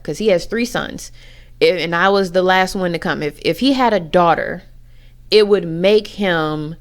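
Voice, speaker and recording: A woman's voice: lowish voice, clean tone. A woman giving a candid personal rant to camera, blunt and profane as she talks frankly about her own family. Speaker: vlogger.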